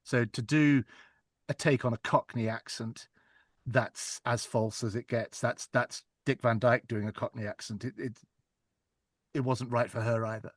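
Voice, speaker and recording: A man's voice: mid-range voice, steady tone, a little slow, dry recording. This is a man being interviewed about narrating audiobooks. He talks in an earnest, reflective way and often restarts a phrase to find the right word. His voice sits in a middle range and the recording is dry, with no room around it. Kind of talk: casual interview chat.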